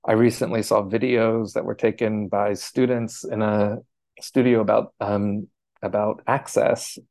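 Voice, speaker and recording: Low gravelly man, halting and thoughtful. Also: level tone, darkish tone, no echo. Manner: thoughtful, hesitant, many fillers and restarts. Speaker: architecture scholar, interviewee. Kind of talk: conversational interview answers.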